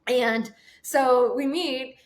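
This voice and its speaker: A woman's voice: high voice, very slow. A woman in her twenties, a guest telling a casual story and acting out the quotes in it. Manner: animated, acts out quotes, laughs often. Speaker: guest, sales trainer.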